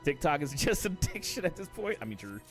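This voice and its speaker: Laid-back, swearing game streamer. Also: male voice, fairly high pitch, sing-song, fast, a bit bright, faint music behind. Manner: laid-back, jokey, swears often, laughs a lot. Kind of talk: casual live-stream chat.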